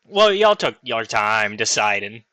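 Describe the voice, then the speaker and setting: A man's voice: fairly low pitch, big pitch swings, measured pace, pushed and bright, no room sound. A man casually narrating as game master, laughing easily with his players.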